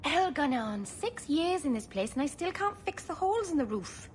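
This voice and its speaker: A sweet rambling elf mage. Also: female voice, high voice, big pitch swings, normal speed, a little hiss or hum. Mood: earnest. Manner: earnest, self-deprecating rambling.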